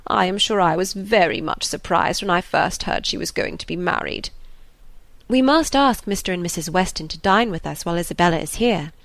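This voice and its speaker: A woman voicing a fretful, anxious elderly father in an audiobook, slow and sighing. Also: fairly low pitch, lively intonation, gravelly, fairly bright tone, dry recording.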